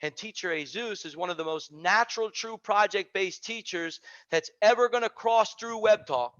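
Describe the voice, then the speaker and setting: Guy with a high voice hyping up his teacher group on a call, super energetic and preachy, audio kinda dull. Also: normal speed. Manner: energetic, preachy, repeats phrases for emphasis. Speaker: online teaching community host. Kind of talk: animated motivational talk on a video call. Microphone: video call.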